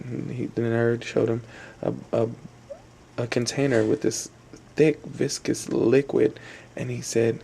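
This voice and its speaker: A man's voice: medium pitch, little pitch movement, a little slow, creaky, warm tone, slight background noise. A young adult man telling a long story in a rambling, repetitive way, with fillers and restarts. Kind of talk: spoken storytelling.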